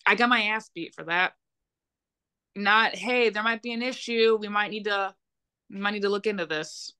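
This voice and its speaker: A woman's voice: medium pitch, moderate pace, sharp tone, smooth. A young adult woman, a podcast guest, telling a painful personal story in a blunt, heated way with frequent swearing.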